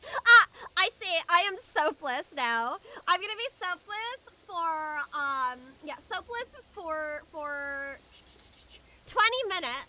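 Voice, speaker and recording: A young woman streaming a game, chatting casually and excitably with a friend. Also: very high voice, takes it slowly. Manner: bubbly, excitable, giggly. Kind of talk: casual gaming stream chat.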